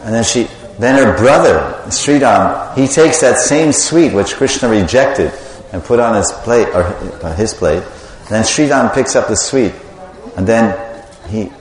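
A man's voice: fairly low pitch, animated, a little slow. A man preaching a sermon, animatedly telling a devotional story and quizzing the audience. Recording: echoey hall with long reverb.

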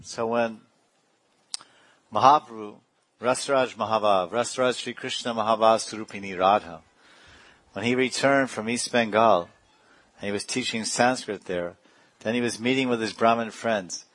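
A man with a lowish voice gives a meandering devotional talk, often breaking into small chuckles. He is recorded close and dry, with no room sound around him. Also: moderate pace, pauses often, a bit bright, dry recording. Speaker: spiritual teacher. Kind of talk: devotional discourse.

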